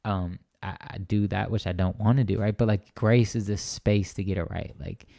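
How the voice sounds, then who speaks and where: In a conversational testimony about his faith, a young man rambles earnestly as an interview guest, often restarting and checking in with "right?". His low-ish, dark voice has vocal fry and fairly even intonation at a normal speed. Recorded in studio quality with no room sound.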